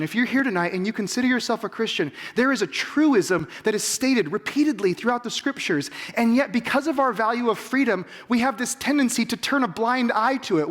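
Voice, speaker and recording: A man's voice: very high voice, fairly bright tone. A man in his forties preaching a sermon, emphatic and full of rhetorical questions to the congregation. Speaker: pastor.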